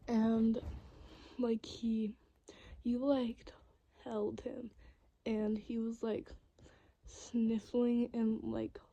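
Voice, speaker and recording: A woman in a whispered role-play, speaking to the listener in a soft, mostly unvoiced whisper, rambling and hesitant with many fillers. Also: on the high side, level tone, very slow, pauses often, no room sound, highs cut off.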